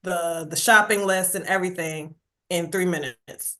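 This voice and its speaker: A woman talking animatedly as a podcast guest, emphatic and quick to laugh. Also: fairly low pitch, steady tone, bright, forceful tone. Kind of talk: casual podcast conversation.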